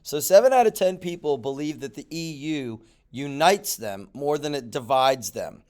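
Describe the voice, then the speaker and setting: Animated, clear-voiced male teacher. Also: on the high side, normal speed. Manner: animated, mock-surprised asides. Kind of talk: classroom lecture video.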